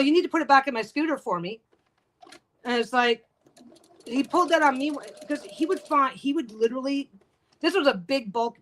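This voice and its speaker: A woman vlogger telling work stories in a blunt, profane, exasperated way as she sews, with a sewing machine heard behind her. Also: fairly high pitch. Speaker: quilting vlogger. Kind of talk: casual storytelling while sewing.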